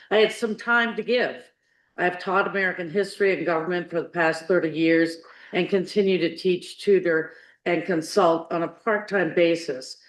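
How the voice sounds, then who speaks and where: A man's voice: a little high, a bit bright. A man giving a prepared, earnest speech as a candidate for the town's select board at a public meeting. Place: town meeting hall. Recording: echoey meeting room.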